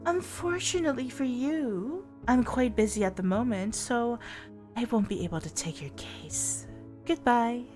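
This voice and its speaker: A woman voicing a calm, mysterious adult witch while reading a visual novel aloud, soft and formal. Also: fairly high pitch, unhurried, faint music behind, voice pushed up. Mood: cool.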